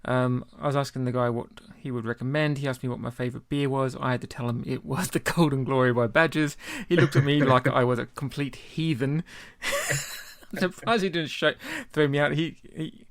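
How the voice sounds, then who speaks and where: A man's voice: mid-range voice, normal speed, no echo, studio quality. Chatty man hosting a beer podcast. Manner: chatty, laughs often, many ums. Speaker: podcast co-host. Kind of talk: casual beer podcast chat.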